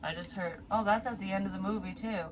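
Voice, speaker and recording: A woman's voice: mid-range voice, steady tone, quick pace, noisy background. A woman giving a casual psychic tarot reading, chatty and thinking aloud, with frequent swearing.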